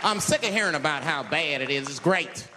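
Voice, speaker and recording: A brash, profane male comic works the crowd with a high, lively voice. His words ring through a long hall reverb over a loud, noisy audience. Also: fairly quick. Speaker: stand-up comedian. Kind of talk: stand-up set. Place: comedy club.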